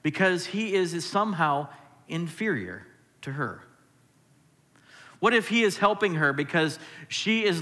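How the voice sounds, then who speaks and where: A man's voice: medium pitch, sharp tone. Man preaching in a reverberant hall. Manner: conversational preaching with rhetorical questions. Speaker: pastor. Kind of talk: sermon.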